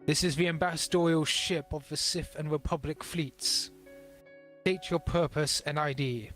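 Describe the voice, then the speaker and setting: A man's voice: on the high side, fairly even intonation, moderate pace, fairly bright tone, soft background music, lightly acted. A man voicing a formal officer of an ambassadorial ship, speaking officially over comms.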